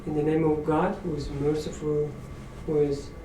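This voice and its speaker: A man talks through scripture in a relaxed, thoughtful way and pokes fun at himself as he goes. His voice is soft and mellow. He sits some way off from the mic in an echoey room with a faint hum behind him. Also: on the high side, moderate pace, soft background music. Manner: reflective, self-deprecating with light laughs. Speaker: study circle leader. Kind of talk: informal religious study talk. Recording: roomy echo, distant mic, faint room noise.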